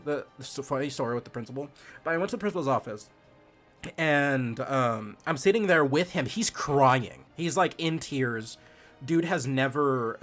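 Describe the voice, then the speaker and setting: A young man with a mid-range, slightly bright voice streams a game while telling a childhood story. He rambles casually, swears, and laughs along the way.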